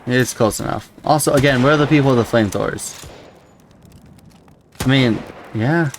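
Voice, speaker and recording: Playing a video game, a man with a mid-range voice offers casual let's-play commentary at a moderate pace, rambling and thinking out loud with frequent startled outbursts. A little hiss or hum sits under the recording.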